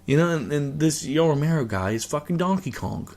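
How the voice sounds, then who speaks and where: A man's voice: a little high, lively intonation, fairly quick, a little mellow. A male host giving a casual reaction rant about a fight, rambling and swearing with lots of fillers and restarts.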